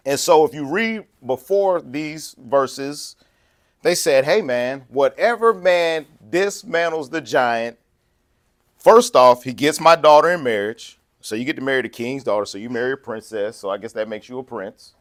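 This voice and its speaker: This preacher keeps his sermon lively and conversational, his voice pitched a little high. He laughs readily and performs quotes in between his points.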